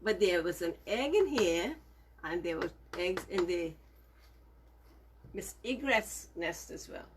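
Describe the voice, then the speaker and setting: A woman telling a story to children, gentle and emphatic, with lots of repetition. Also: on the low side, expressive, slow, long pauses, background noise.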